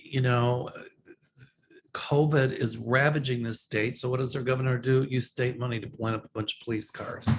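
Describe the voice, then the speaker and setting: A man's voice: mid-range voice, steady tone, normal speed. Man talking casually over faint noise. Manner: conversational and opinionated, with frequent ums and restarts. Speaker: psychic host answering viewer questions. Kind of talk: casual livestream Q&A.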